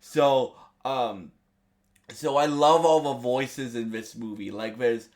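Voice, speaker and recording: A man reviewing a movie in a casual video, eager and halting, with many restarts and fillers. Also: medium pitch.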